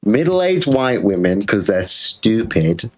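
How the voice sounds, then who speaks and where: A man's voice: on the low side, very animated, slow pace. Crude ranting British man. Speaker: streamer host. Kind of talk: livestream rant.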